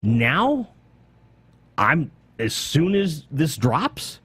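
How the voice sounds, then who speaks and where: A man hosting a casual gaming podcast, talking excitedly in long rambling runs with casual swearing. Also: fairly high pitch, extremely slow, husky, no echo, studio quality. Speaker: podcast host.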